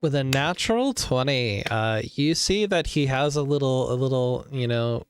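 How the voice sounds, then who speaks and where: A man running a tabletop game who describes scenes in a relaxed, unhurried way. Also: medium pitch, a little hiss or hum. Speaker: game master.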